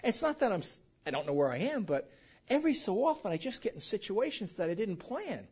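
A pastor preaching a sermon in a church, animated and quizzing the congregation with call-and-response questions. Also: male voice, high-pitched, fairly quick, slightly rough. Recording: dull lo-fi recording.

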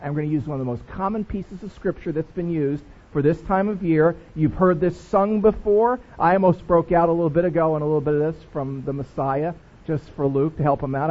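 A man's voice: on the high side, fast talker. A man preaching a sermon as pastor, playful and jokey with his congregation. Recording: dull lo-fi recording.

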